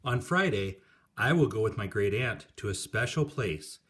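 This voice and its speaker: Man, low voice, calm, reading a storybook aloud. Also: moderate pace. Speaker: picture book reader. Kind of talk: reading a children's book aloud.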